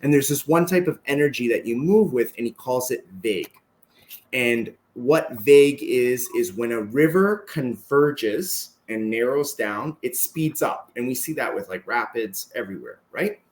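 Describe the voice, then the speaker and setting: A man's voice: medium pitch, measured pace. A man guest on a podcast, telling stories casually and acting out the other people's lines, with a habit of tagging "right?" onto his sentences. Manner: animated, acts out quoted dialogue, frequent "right?". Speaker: podcast guest, martial arts instructor. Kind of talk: casual storytelling.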